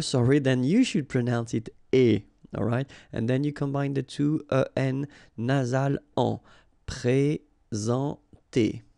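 A man's voice: mid-range voice, gravelly, dark tone, no room sound, studio quality. A man with a French accent, a native French speaker, teaching vocabulary and patiently drilling pronunciation, checking in with the learner after each word.

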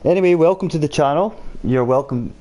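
Chatty male game streamer, mellow voice. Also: a little high, a little fast. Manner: chatty, reads and answers viewer chat while playing. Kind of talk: casual live-stream chat over gameplay.

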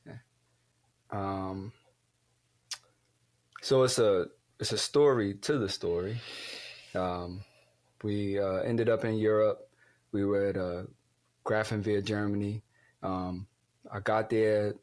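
Thirties soldier guest, man, halting and unhurried delivery. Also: lowish voice, steady tone, darkish tone. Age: 30s. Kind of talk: casual interview conversation.

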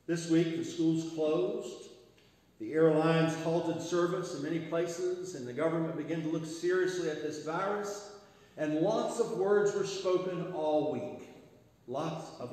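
A male pastor delivering a sermon with rhythmic repetition and phrase ends that trail off quietly. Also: on the high side. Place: church sanctuary. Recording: echoey church sanctuary with long reverb.

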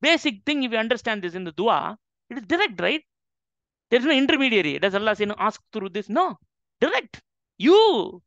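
Very animated and fairly quick, a man with a high, pushed, bright voice teaches an interactive religious class as an Islamic teacher. He stresses points emphatically and keeps asking listeners "right?" The lo-fi recording is dull and dry with no echo.

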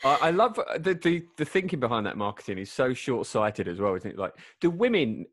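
A man's voice: mid-range voice, big pitch swings, a little fast, no room sound. A man with a Northern English accent hosting a casual comedic chat, riffing with mock indignation. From Northern England. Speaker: host.

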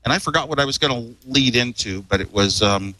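A man's voice: mid-range voice, a little fast, sharp tone, no room sound, low-quality recording. A man, a guest on a talk show, telling stories casually in a rambling way, chuckling and repeating words as he goes. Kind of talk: casual storytelling.

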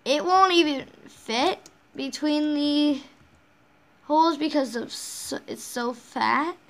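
A woman hosting a casual game walkthrough, rambling along with frequent restarts and self-corrections. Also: high-pitched. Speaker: game channel host.

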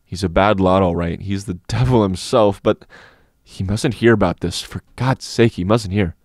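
A man's voice: normal speed, no room sound, clean studio sound. A man voicing a frightened young schoolboy who pleads and stammers. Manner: pleading, stammering, high-strung.

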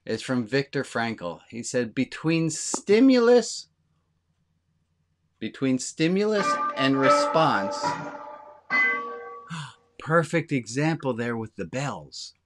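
Over music, a rabbi delivers an informal sermon in a medium-pitched, sing-song voice. He talks candidly to his congregation and slows down on the key lines for emphasis.

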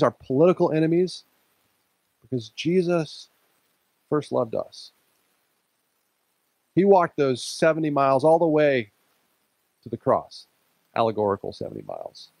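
A man's voice: medium pitch, sing-song, unhurried, gravelly, pauses often, no echo, low-quality recording. A male pastor preaching a sermon in a conversational way, laughing lightly now and then.

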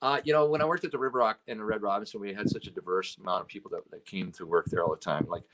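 A Canadian man guesting in a casual chat, he works as a road and stage manager and rambles through his stories, peppering them with "you know" and "right?". His voice is lowish and fairly bright, and he talks very fast.

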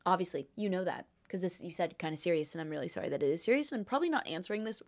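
A woman's voice: on the low side, lively intonation, rapid-fire, a little mellow. Young woman podcaster, casual and jokey, lots of likes and ums, loose advice chat. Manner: playful, jokey, lots of fillers and asides. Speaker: podcast host answering listener questions.

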